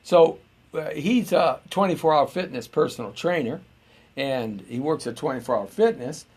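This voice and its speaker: A man's voice: fairly high pitch, animated, moderate pace, darkish tone, slightly rough. A middle-aged man hosting a live show, rambling and joking as he muses aloud to viewers. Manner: rambling and jokey, musing aloud.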